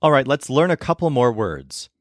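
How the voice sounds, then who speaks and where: Male teacher voice-over, clear measured delivery, dry studio sound. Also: medium pitch, very animated, no room sound. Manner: clear, measured explanation with slow model phrases. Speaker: language teacher. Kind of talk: scripted lesson narration.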